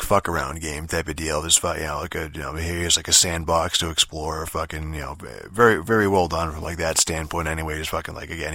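In a very low, forceful voice, a man rambles through a casual game review, swearing in nearly every line and piling up fillers and restarts. The recording is dry and close, with no room sound.

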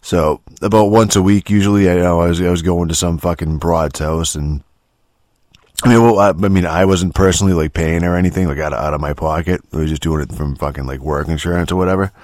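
A grumpy man in his thirties hosting a show, ranting with constant swearing and halting restarts. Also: deep voice, steady tone, a little mellow, no room sound, studio quality. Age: 30s. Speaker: podcast host. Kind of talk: profane rant monologue.

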